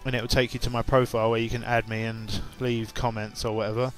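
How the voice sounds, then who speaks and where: A man's voice: mid-range voice, flat delivery, fast, faint music behind. A young English man with an English accent chatting casually to his viewers, rambling with lots of fillers and restarts. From England. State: just woken up and tired, with hiccups. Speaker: YouTuber. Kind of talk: casual chat to camera.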